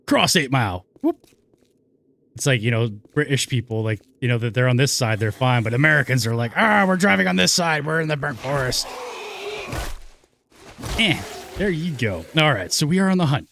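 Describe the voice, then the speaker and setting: A man talks through his gameplay in a loose, joking ramble, chatting to himself and the game. His mid-pitched voice swings widely, from low mumbles to sudden excited whoops. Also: no room sound. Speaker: let's play gamer. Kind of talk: casual gameplay commentary.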